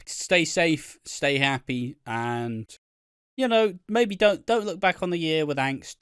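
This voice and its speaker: A man's voice: medium pitch, clean tone, no echo, studio quality. A man co-hosting a casual podcast, swearing freely and ranting with lots of laughs. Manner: swears a lot, animated rants, laughs often. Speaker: podcast co-host.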